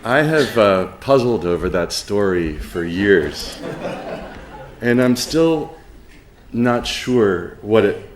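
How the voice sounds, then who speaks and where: A middle-aged man giving a lecture, halting with many ums and uhs, with a dry sense of humor. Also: on the low side, expressive, roomy sound. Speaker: professor giving a conference talk. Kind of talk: spoken lecture with an anecdote.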